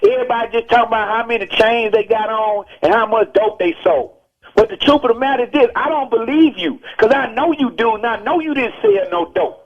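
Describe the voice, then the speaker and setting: A high-voiced man lays out his views in an emphatic, preachy way, circling back to the same points again and again. He's calling in to a radio show, and his voice comes through a dull, muffled phone line. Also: fairly quick. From Texas. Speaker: rapper interviewed as phone-in guest. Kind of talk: heated radio call-in interview. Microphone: telephone.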